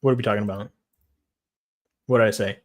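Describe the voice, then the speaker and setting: A man hosting a casual livestream chat, swearing a lot, getting excited and reading chat messages aloud. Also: on the low side, fast talker. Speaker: streamer.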